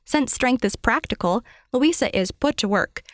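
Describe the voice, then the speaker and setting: A woman with a fairly high voice reads a video-essay segment, chatty and emphatic, tossing in little asides. The recording is dry and close. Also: animated, normal speed, no echo. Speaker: guest contributor. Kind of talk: scripted narration.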